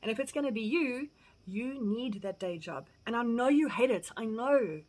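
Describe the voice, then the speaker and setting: A South African woman speaks in a slightly high voice, earnest and plain-spoken. She sounds middle-aged and gives blunt advice, swearing freely and turning lively whenever she acts out an old conversation. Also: moderate pace, poor audio. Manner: earnest, blunt, swears casually, retells quotes animatedly. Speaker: farm vlogger. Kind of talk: candid personal advice talk.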